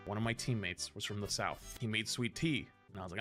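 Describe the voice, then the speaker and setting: A young man streaming and commentating on a game in a casual, rambling way, joking in quick asides. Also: lowish voice, lively intonation, fairly bright tone. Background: game music.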